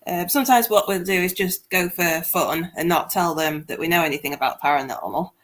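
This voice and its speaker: Woman with a lowish voice. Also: a little fast. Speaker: guest, paranormal podcaster. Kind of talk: casual chat.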